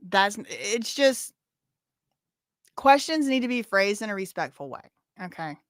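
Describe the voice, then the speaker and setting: A woman's voice: medium pitch, very animated, measured pace, no room sound, clean studio sound. A woman hosting a livestream, answering chat questions in a sassy, blunt, casual way. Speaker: livestream host.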